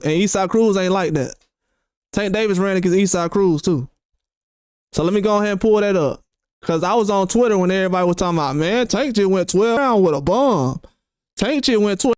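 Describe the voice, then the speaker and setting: A man's voice: high voice, clean tone, no room sound, clean studio sound. A man hosting boxing commentary, talking heatedly and repeating rhetorical questions.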